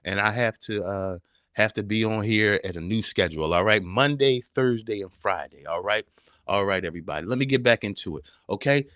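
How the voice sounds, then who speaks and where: A man's voice: lowish voice, fairly quick, a bit bright, smooth, dry recording, studio quality. A man hosting a live-streamed podcast, talking in an emphatic, preacher-like way and firing off repeated rhetorical questions. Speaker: podcast host. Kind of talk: live-streamed motivational talk.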